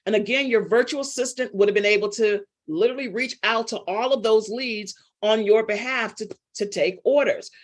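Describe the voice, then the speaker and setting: A woman's voice: on the high side, moderate pace, hardly any pauses. Middle-aged woman coach, playful, calls on class members by name during a live lesson. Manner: chatty, teasing, calls on students by name. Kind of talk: casual live online class.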